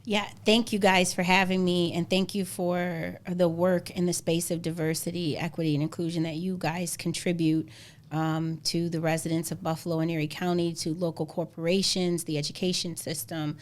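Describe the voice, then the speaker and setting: A woman's voice: on the low side, flat delivery, moderate pace. Gracious young woman politician as guest. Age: young adult. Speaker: county legislature chair, podcast guest. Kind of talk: podcast interview.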